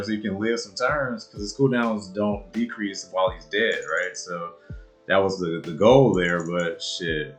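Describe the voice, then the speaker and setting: Guy commentating his game, swears constantly, goes from mumbling to yelling, faint music under it. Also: low voice, a little slow. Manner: swears a lot, swings from muttering to loud outbursts. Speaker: gamer and video creator. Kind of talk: live gameplay commentary.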